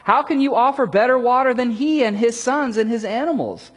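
A man's voice: extremely high pitch, expressive, brisk, husky, pitched above the performer's own voice, exaggerated voice. A man voicing a skeptical, sarcastic Samaritan woman at a well in a sermon, incredulous and mocking. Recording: long hall reverb.

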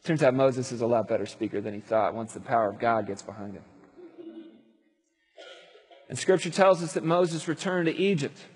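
Animated husky male preacher. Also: mid-range voice, moderate pace, pauses often. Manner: animated storytelling with acted-out voices. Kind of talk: sermon. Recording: long hall reverb.

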